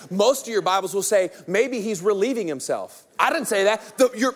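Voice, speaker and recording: A man in his thirties preaches with a fairly high voice. He retells the story with energy and humor, joking his way through the scene like a storyteller. The delivery is a casual, lively pastor's sermon. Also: normal speed, few pauses, a little hiss or hum.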